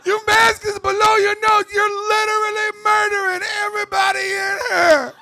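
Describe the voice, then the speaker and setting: A man voicing a young store customer who scolds in a high, shrieking voice. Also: little pitch movement, normal speed, sharp tone, raised voice, exaggerated voice. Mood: scolding.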